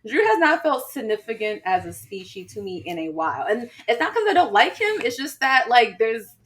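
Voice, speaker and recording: A woman's voice: fairly high pitch, very animated, a little fast, fairly bright tone. A woman co-hosting a casual chat, talking loosely with many fillers and frequent laughter. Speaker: podcast co-host. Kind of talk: casual chat about wrestling.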